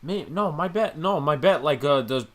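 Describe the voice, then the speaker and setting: A man's voice: on the high side, expressive, normal speed. A young man co-hosting a podcast, reacting live to a ballgame, cheering and swearing casually. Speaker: podcast co-host. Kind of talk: live game-watching reaction chat.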